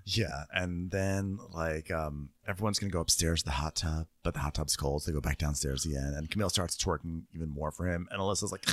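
Deep-voiced man telling wry stories. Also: fairly even intonation, brisk, hardly any pauses, no echo. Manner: wry, playful storytelling, often mimicking others. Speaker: podcast co-host. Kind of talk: casual comedic chat recapping a reality show.

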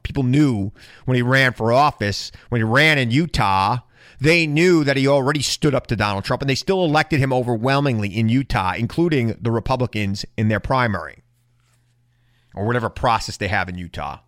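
A man giving an impassioned political monologue, indignant and building to loud rhetorical questions. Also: medium pitch, dry recording, studio quality. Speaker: political commentator.

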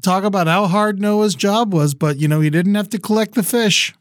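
A man's voice: sits high, moderate pace, no echo, studio quality. A man co-hosting a podcast, riffing playfully and laughing often. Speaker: podcast co-host. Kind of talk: casual comedic chat.

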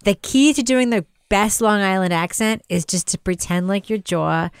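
Playful woman hosting a movie podcast, smooth clear voice, dry close sound. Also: medium pitch, moderate pace, no echo. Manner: playful, joking asides. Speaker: podcast host. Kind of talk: casual film review chat.

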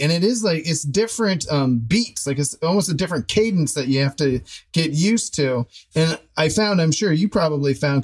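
A man's voice: fairly high pitch, low-quality recording. A man hosting a podcast in casual chat, chatty and eager with follow-up questions. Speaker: podcast host.

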